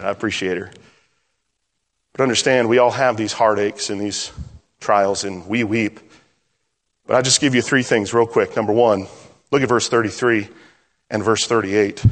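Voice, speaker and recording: A middle-aged male pastor preaching a sermon in a conversational way, moving between lively stretches and hushed, personal moments. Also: fairly low pitch, normal speed, long pauses. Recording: long hall reverb.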